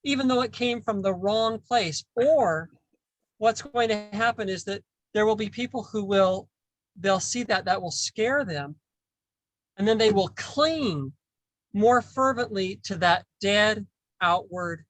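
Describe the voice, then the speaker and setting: A man hosting a casual spiritual discussion, talking haltingly and repeating words as he thinks. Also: sits high, a bit bright, no echo, poor audio. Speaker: podcast host.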